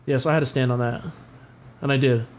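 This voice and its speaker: A man with a medium-pitched voice talks fast as a podcast co-host, with a faint hiss or hum in the background. He chats casually, spinning animated, profanity-laced stories.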